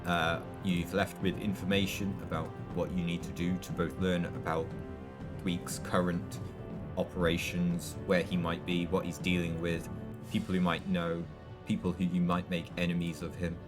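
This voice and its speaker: A man's voice: deep voice, little pitch movement, normal speed, music in the background. A man narrating as game master in a tabletop role-playing game, dry and wry, with frequent restarts.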